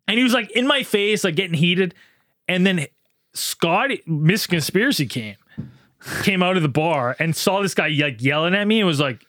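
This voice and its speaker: A high-pitched young man spins a rowdy bar story for his friends, jumping into other people's voices and cracking himself up along the way. His voice sits close and dry, with no room around it. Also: a little fast, no echo. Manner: animated, acts out voices while telling a story, laughs often. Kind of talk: casual podcast banter.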